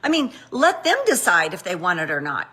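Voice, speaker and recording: Sassy, animated woman giving a pep talk. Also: fairly low pitch, a little fast, breathy edge. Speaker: network marketing trainer. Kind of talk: motivational training talk.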